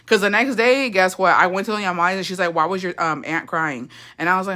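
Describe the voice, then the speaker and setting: With a fairly low, bright voice and a forceful edge, this young woman speaks fast while hosting a livestream. In casual storytime mode, she shares a gossipy, profane family tale full of laughter, mixing Spanish phrases into her English.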